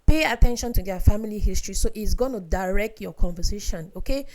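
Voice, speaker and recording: A woman's voice: mid-range voice, animated, fast, darkish tone. Earnest woman giving marriage advice. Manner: earnest, direct, preachy, addresses viewers as sisters. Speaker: vlogger giving relationship advice. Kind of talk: casual advice monologue.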